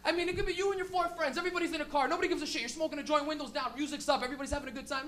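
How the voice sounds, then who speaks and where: High-voiced rowdy stand-up comedian. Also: expressive, very fast, slight background noise. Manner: rowdy, profane, loud impressions and shouting. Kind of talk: live stand-up set.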